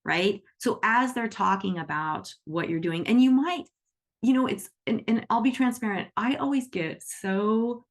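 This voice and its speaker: A woman's voice: mid-range voice, unhurried. A woman teaching on a group call, chatty, acting out little quoted conversations and often asking "right?". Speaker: animal Reiki teacher.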